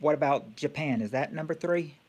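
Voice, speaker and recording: A man with a fairly high voice runs a casual quiz game on a live stream. He talks in a halting way, thinking aloud with plenty of fillers and restarts. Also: background noise.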